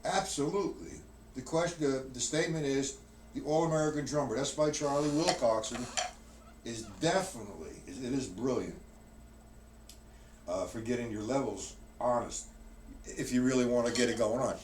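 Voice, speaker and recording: A man teaching drums on a live stream, rambling and correcting himself as he counts out loud. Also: mid-range voice, moderate pace. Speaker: drum teacher. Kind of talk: live-streamed drum lesson. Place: practice room with a drum kit. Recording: distant mic, noisy room.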